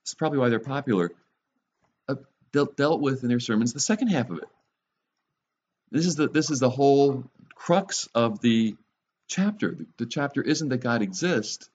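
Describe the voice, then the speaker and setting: A man's voice: medium pitch, darkish tone, husky, highs cut off. A man preaching a conversational sermon, mixing scripture teaching with wry, sarcastic jokes. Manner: wry, joking asides with sarcasm.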